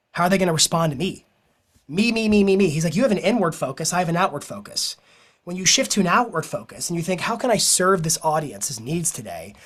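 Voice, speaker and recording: A man who is a business coach, giving an energetic, persuasive motivational talk to a live audience and telling stories along the way. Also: fairly high pitch.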